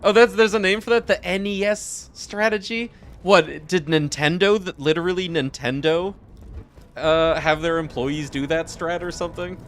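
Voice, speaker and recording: A man chatting casually while playtesting his game mod, excitable and full of fillers like "like". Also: high-pitched, moderate pace, slight background noise. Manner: excitable, chatty, heavy use of "like". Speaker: game modder streaming his work.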